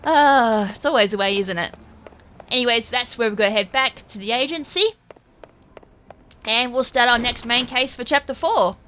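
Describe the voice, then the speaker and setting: A woman's voice: on the high side, moderate pace, pushed and bright. A woman, chatting through a video game playthrough in a rambling, self-correcting way. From Australia. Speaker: gaming streamer. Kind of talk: let's-play commentary.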